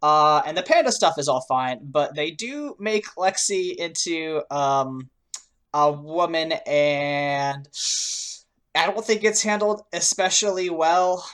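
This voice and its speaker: A woman's voice: deep voice, expressive, slow pace. A woman co-hosting a podcast, chatting in a laid-back way about a cartoon, with lots of hedges and fillers. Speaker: podcast co-host. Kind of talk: casual chat reviewing a cartoon.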